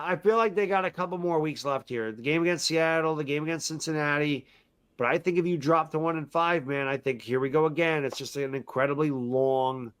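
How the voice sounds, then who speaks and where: A man's voice: fairly high pitch, a bit bright. A middle-aged man and football fan giving a frustrated, emphatic post-game rant, repeating himself often. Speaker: sports fan commentator.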